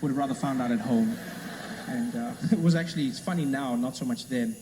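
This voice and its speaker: A man's voice: mid-range voice, brisk, noisy background. A man doing a stand-up routine, telling stories animatedly and slipping into voices. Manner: animated storytelling, slips into voices. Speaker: stand-up comedian. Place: large comedy venue. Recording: echoey hall, live audience.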